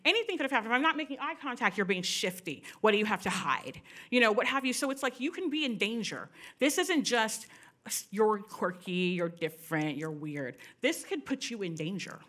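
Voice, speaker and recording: A woman's voice: on the high side, animated, brisk, fairly bright tone. A middle-aged woman speaking candidly to an audience at a panel event, telling personal stories with many asides.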